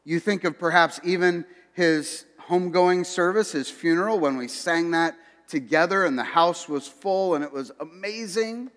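A man's voice: on the high side, normal speed, hardly any pauses, fairly bright tone. A man preaching a sermon to his congregation, conversational and direct, with asides to people in the pews. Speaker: pastor. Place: church sanctuary. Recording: long hall reverb.

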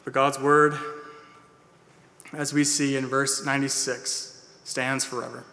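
A man's voice: mid-range voice, level tone, measured pace, bright, forceful tone. A man preaching a sermon as pastor to his church, earnest and plain-spoken, with "uh"s and restarts. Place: church sanctuary. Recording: long hall reverb.

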